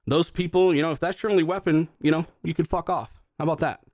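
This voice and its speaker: Fast-talking, profane podcast host. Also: male voice, fairly high pitch, steady tone, a little mellow, no room sound, clean studio sound. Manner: loose, profane, rambling with fillers. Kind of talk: casual live-stream chat.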